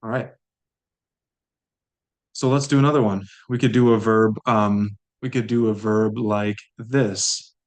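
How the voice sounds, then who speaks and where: A man with a fairly low voice runs a language lesson at an unhurried pace. He says each word aloud, repeats it patiently, then explains it in plain terms. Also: steady tone. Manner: slow, patient, repeats words aloud for learners. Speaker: language teacher.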